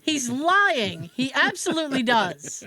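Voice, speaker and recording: A woman's voice: sits high, a little slow, soft background music. Woman host on a podcast telling a funny story, voice jumps all over, laughs a lot. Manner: animated storyteller who acts out quoted dialogue and laughs often. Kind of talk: casual chat.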